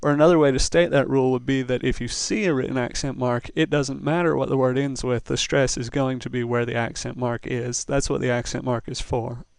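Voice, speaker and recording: Patient man teaching with a gravelly voice. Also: medium pitch, steady tone, fairly quick, hardly any pauses, no room sound. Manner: patient, methodical explaining. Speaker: Spanish teacher. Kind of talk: recorded classroom lesson.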